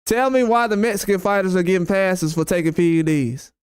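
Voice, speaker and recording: A man's voice: high voice, a little fast, clear, resonant tone, dry recording, clean studio sound. Heated man ranting on a live stream. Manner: heated, repetitive, blunt and profane. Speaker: boxing channel host. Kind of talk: live-stream rant responding to chat.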